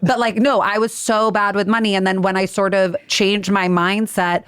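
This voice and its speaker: A woman's voice: mid-range voice, flat delivery, smooth, no room sound. Chatty woman, dry studio sound. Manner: chatty, quick asides, explains money plainly. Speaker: podcast guest, finance expert. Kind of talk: casual podcast chat.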